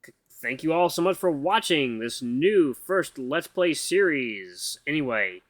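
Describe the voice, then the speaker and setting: A man's voice: a little high, lively intonation, unhurried, dry recording. A gaming YouTuber, a man, reads a visual novel aloud in a casual, tired way and sometimes stumbles over the words.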